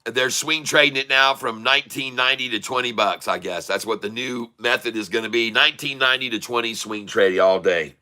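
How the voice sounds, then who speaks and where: A man's voice: medium pitch, brisk, hardly any pauses, bright, forceful tone. A man hosting a live day-trading stream, chatting in a rambling, folksy way and laughing at his own jokes. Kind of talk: casual live-stream chat.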